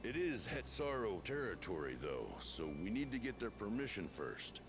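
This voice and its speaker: Grizzled engineer, Southern US drawl, low and lively, video game cutscene over music. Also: male voice, moderate pace, background noise. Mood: gruff. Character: grizzled gruff male railway engineer. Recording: game audio with loud background music.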